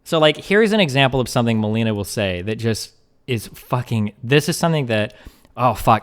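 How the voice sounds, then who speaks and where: A young man streaming live and commenting on a video, speaking in a quick, profane way full of "like" and "um.". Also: mid-range voice, lively intonation, smooth. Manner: rapid, profane, many fillers like "like" and "um".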